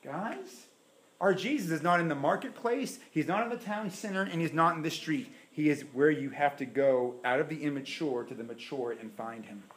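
This man's voice sits a little high and keeps a moderate pace as he preaches a sermon as pastor. Animated, he alternates between loud emphasis and hushed asides, and the room echoes around him.

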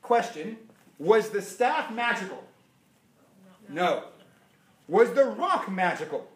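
A man preaching a sermon, animated and firing rhetorical questions at his listeners. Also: high voice, slow pace. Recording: echoey room.

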